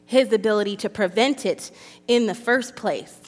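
At a women's gathering, a women's ministry speaker reads scripture and shares an emotional, confessional testimony sermon. She speaks at normal speed in a mid-range voice, and a long hall reverb surrounds her.

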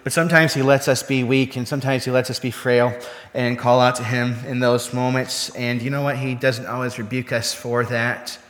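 A man's voice: medium pitch, flat delivery, moderate pace, fairly bright tone. A man preaching a sermon in a conversational way, often putting rhetorical questions to his listeners. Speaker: pastor. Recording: long reverb of a hall.

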